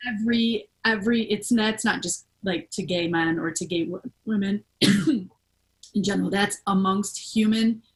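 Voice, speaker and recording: A woman hosts a relaxed podcast conversation, talking things through as she goes. Her voice sits at an ordinary middle pitch, and she wanders through her thoughts with plenty of fillers and restarts. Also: moderate pace, rough recording. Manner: rambling, thinks aloud with many fillers. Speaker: podcast host. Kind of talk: casual conversational chat.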